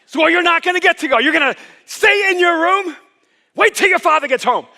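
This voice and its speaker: A man's voice: very high voice, a little fast, long reverb tail, voice pushed up. A man acting out an angry mother scolding her stubborn young son during a sermon. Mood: stern. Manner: sharp, scolding.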